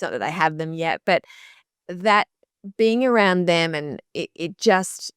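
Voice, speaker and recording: A woman in her fifties speaks as a guest on a podcast, her voice clear and smooth. She tells stories with warm animation and laughs easily. The recording is close-miked and dry. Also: on the low side, no echo. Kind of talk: interview conversation.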